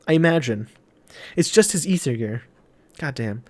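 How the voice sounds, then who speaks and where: Young guy reacting to manga, excited, swearing, says like a lot. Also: medium pitch, normal speed. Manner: excitable, swears often, many fillers. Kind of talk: casual reaction commentary.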